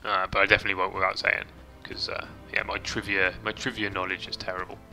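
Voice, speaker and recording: A man's voice: deep voice, level tone, fast talker, pushed and bright. A man chatting casually as he streams a game, reading chat and swearing lightly, with faint game music behind. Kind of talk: casual gameplay commentary.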